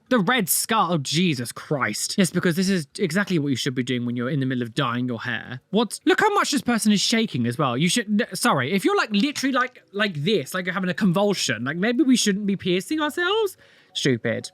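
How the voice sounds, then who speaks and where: Sarcastic British man, high and lively voice. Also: fast talker, few pauses, dry recording. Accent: British English. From United Kingdom. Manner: sarcastic, exasperated, theatrical. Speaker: piercer reacting to videos. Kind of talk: reaction commentary.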